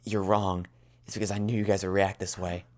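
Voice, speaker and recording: A man voicing a guarded teenage girl assassin, speaking flat, curt and withdrawn. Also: deep voice, brisk, lightly acted.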